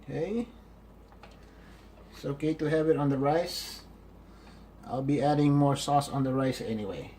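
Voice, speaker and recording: A man's voice: medium pitch, a little slow, long pauses, mellow. A man hosting a casual cooking demonstration, upbeat and chatty, talking to viewers as he plates and tastes his food. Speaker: cooking channel host. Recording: noticeable kitchen background noise.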